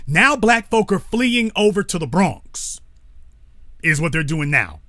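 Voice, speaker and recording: Guy hosting a call-in show, punchy forceful voice, kinda high, blunt and cussing, dry sound. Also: no echo. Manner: blunt, profane, digressive, corrects himself aloud. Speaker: talk show host. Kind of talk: call-in talk show commentary.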